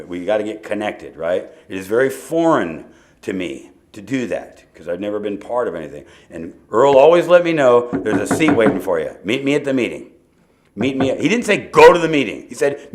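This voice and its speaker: A man speaking at a recovery meeting, telling his story in an animated, joking way and acting out quoted dialogue. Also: on the low side.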